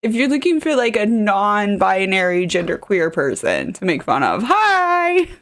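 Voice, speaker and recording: A woman's voice: mid-range voice, very animated, normal speed, no echo. A woman streamer reacting to a video in casual commentary, rambling with lots of fillers and reading chat messages aloud.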